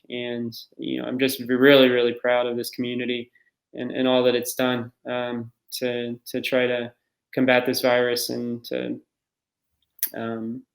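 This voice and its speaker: ER doctor, thirties, male, flat delivery, roomy echo, halting. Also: medium pitch. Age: 30s. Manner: reflective, halting with many fillers. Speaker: ER doctor guest. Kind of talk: remote interview. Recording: echoey room.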